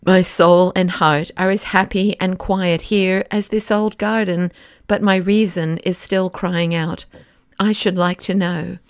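A woman's voice: on the low side, steady tone, measured pace, dry recording, clean studio sound, lightly acted. A woman reading an earnest, troubled young man in an audiobook, speaking with heartfelt pleading. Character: earnest, troubled young male poet-detective.

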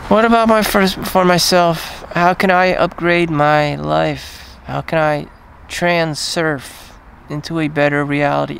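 A man with a fairly high, gravelly voice rambles through a casual vlog monologue, swearing freely and trailing off into fillers. A faint hum of a vehicle runs underneath. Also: fairly bright tone. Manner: rambling, profane, frequent fillers and trailing pauses. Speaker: vlogger.

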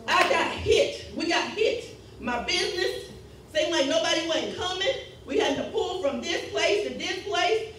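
A woman preacher delivers a fervent sermon, exhorting, laughing and working the call-and-response. Her voice sits very high and sounds distant from the mic, ringing through a heavily echoing church hall with the congregation audible around her. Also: animated, unhurried, fairly bright tone, a little hiss or hum. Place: church sanctuary.

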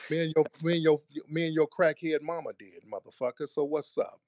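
A man hosting a live online audio room, taunting and talking down to a caller with slow, deliberate jabs. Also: on the high side, steady tone, a little mellow, no echo. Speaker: host. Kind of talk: confrontational live audio chat.

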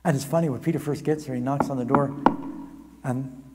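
A man preaching a storytelling sermon at a camp meeting, animated and humorous with quick asides, in a large hall. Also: mid-range voice, heavy background noise. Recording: long reverb of a large hall.

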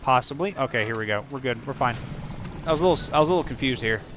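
A man giving casual let's-play commentary over a video game, excitable and profane, breaking into silly rhymes and sound effects. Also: medium pitch, very fast, noisy background. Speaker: gaming channel host.

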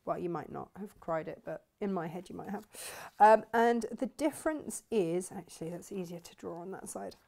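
A woman's voice: lowish voice, moderate pace, vocal fry, mellow. A woman hosts a live sewing demonstration, chatting enthusiastically and thinking aloud as she works. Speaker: craft shop host demonstrating sewing.

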